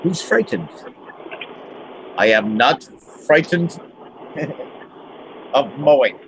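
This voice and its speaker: Lively, laughing man on a noisy call. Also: a little high, extremely slow. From Western New York. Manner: laughing, animated. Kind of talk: casual group chat.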